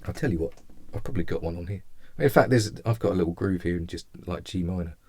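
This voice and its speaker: A man's voice: low-pitched, fast, warm tone, no room sound. A man giving a casual jazz guitar lesson over a video call, chatty and self-mocking as he rambles on. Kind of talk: casual teaching chat. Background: faint guitar.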